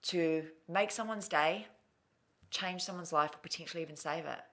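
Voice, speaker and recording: A woman's voice: fairly low pitch, normal speed, a bit bright. A woman, telling her story candidly and emotionally as a guest in an interview, swearing casually.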